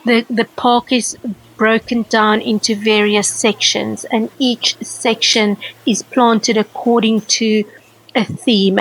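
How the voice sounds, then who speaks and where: A woman's voice: fairly high pitch, rough recording. Gushing South African woman, vlog voice-over. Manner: warm, gushing enthusiasm about plants. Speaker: travel vlogger. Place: seated at home, recording voice-over.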